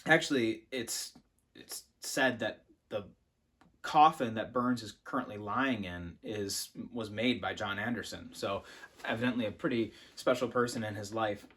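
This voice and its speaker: A young adult man hosting a poetry channel, explaining and reading a poem in a relaxed, casual way, thinking aloud with fillers and restarts. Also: lowish voice, a little slow, husky.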